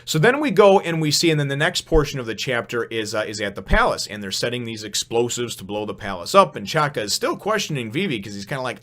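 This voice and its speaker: A man's voice: medium pitch, lively intonation, quick pace, few pauses, a bit bright. A man casually reviewing a comic chapter, rambling with many fillers and frequent chuckles. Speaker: manga review host.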